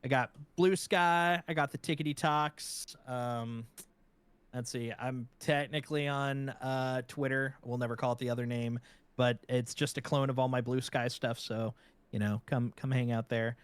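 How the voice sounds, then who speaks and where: A man who is a guest streamer in a casual chat, talking in a relaxed way with many filler words. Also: mid-range voice, normal speed, smooth, no room sound.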